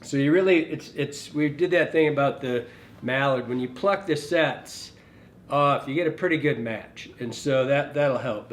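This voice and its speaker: A middle-aged man with a slightly high voice talks through a hands-on tying demonstration. He rambles in a folksy way and keeps correcting himself. It is unscripted and relaxed, like an instructor talking to a camera over his vise.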